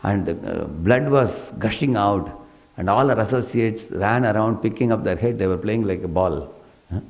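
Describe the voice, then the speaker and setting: Low-voiced man telling a sermon story. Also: normal speed, highs cut off. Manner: retells the story with frequent "hmm" and questioning "huh?" asides. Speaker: preacher.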